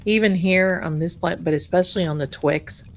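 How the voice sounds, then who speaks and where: A woman's voice: lowish voice, moderate pace. An American woman hosting a casual livestream, chatty, repeating herself and sometimes dropping to a whisper. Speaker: livestream host.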